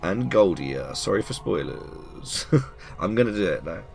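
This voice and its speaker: Gravelly, chatty gamer man. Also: low voice, expressive, a little slow, darkish tone. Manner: chatty, reactive, laughs often. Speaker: let's play gamer. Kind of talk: casual game commentary.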